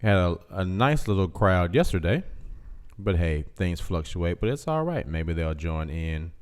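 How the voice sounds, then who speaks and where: A man's voice: low-pitched, very animated, unhurried, clean tone. A man hosting a casual live show, chatting in a laid-back way with viewers and repeating himself. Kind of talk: casual livestream chat.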